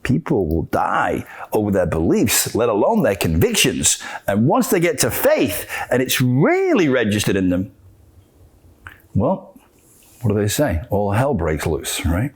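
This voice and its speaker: A man hosting a solo spiritual talk, arguing both sides with himself in an animated way. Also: fairly low pitch, measured pace, slightly rough. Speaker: podcast host.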